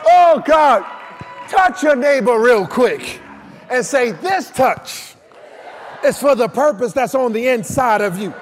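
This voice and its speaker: A man preaching a shouted revival sermon, calling on the congregation to repeat his lines. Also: very high-pitched, animated, takes it slowly, slight background noise. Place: church service with a crowd. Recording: live church mic with music and crowd.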